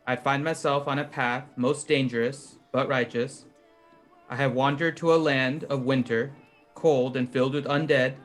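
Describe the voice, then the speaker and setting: A man's voice: mid-range voice, steady tone, normal speed, soft background music. A man playing a tabletop game, reading his character's prayer in an earnest, solemn way. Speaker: player.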